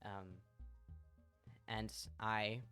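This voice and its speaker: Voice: medium pitch, level tone, drawn-out words, a bit bright, clear, resonant tone, soft background music. A streamer telling a story in casual chat on a live stream, chatty and swearing freely.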